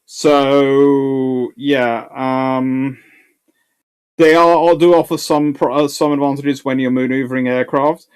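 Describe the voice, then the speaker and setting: History guy doing live q&a, middle pitch, stumbles and restarts a lot. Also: steady tone, slow pace, darkish tone, clear, resonant tone. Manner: thinks aloud with restarts and stammered repeats. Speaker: naval history channel host. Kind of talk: live Q&A, answering viewer questions.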